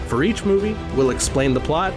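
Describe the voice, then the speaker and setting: Man, podcast promo, playful banter, lively pitch, music underneath. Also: a little fast. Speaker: podcast co-host.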